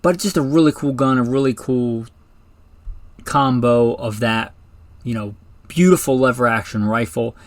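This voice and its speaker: A man's voice: medium pitch, unhurried, no room sound. A man hosting a firearms show, talking casually and enthusiastically, rambling a little and correcting himself. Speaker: firearms podcast host. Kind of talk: casual solo talk about rifles.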